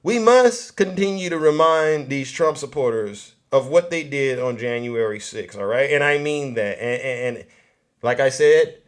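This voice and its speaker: A man hosting a political commentary livestream, loud and mocking, often repeating himself. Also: mid-range voice, unhurried. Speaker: livestream host.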